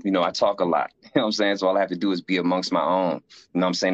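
A man with a low voice tells his stories in a casual talk, full of fillers and animated retellings. The sound is dry and somewhat dull. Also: very fast, dry recording. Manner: animated storyteller, acts out quoted voices, frequent fillers. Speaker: guest sharing life story. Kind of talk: casual conversation.

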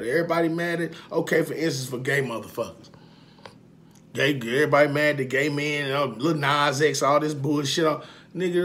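Speaking in a slightly high voice, a man vlogs to his followers in a loose monologue. He swears, hammers his points home by repeating them, and lurches from hushed admissions to loud outbursts.

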